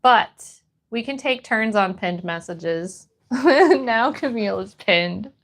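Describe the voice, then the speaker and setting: A woman's voice: fairly high pitch, lively intonation, slow. A woman from Florida hosting a casual livestream, reading viewer messages aloud and answering them as she paints. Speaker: livestream host.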